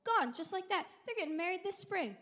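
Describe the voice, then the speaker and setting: A woman in her thirties performing a sarcastic, animated stand-up comedy set and working the crowd on a theater stage. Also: very high-pitched, fairly quick. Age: 30s. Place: large theater stage with audience. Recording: live theater recording with crowd laughter.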